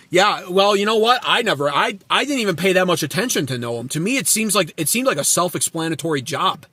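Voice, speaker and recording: A man's voice: high voice, expressive, a little fast, hardly any pauses, sharp tone, breathy edge, dry recording. A man hosting his own channel, giving blunt, sarcastic political commentary full of swearing and answering viewers' chat. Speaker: channel host.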